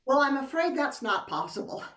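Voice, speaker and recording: An older woman playing a coy wife, lively pitch, slow, slightly distant mic, video call. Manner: coy, soothing, drifting into breathy whispers. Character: coy, teasing unfaithful wife, middle-aged. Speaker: stage actor. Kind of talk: stage play reading over video call. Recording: voice a little far from the mic.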